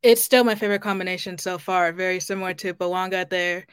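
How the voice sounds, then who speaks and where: Smooth-voiced woman panelist. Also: on the low side, fairly even intonation, fast, dry recording. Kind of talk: casual sports talk panel.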